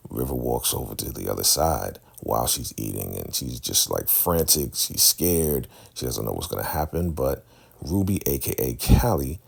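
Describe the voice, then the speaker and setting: A man casually recapping a TV episode, telling the story in an animated way and slipping into the characters. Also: rumbling low, normal speed, gravelly, husky. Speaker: show recap host.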